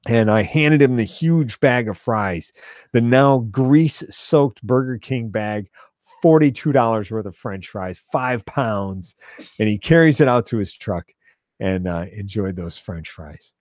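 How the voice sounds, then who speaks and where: A man's voice: on the low side, animated, a little slow, darkish tone, dry recording. Dry offhand man telling stories. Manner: dry, offhand, with small laughs. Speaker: podcast host. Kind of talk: rambling storytelling monologue.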